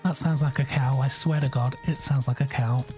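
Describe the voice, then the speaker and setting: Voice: medium pitch, fairly even intonation, brisk, warm tone, soft background music. A game streamer gives bemused live commentary, thinking aloud and exclaiming at what happens.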